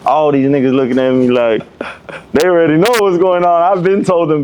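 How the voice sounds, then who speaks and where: A man's voice: a little high, expressive, fairly quick, a little mellow, clean tone. A young man guesting on a podcast, telling a prison story in heavy street slang and acting out the other people's lines. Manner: profane street slang, acts out quoted voices. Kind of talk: animated storytelling.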